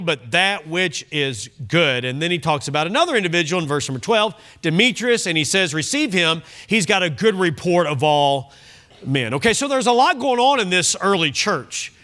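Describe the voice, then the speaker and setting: A man's voice: high-pitched, animated, moderate pace, bright, forceful tone. A man pastor preaching a sermon, emphatic and fond of repeating key phrases.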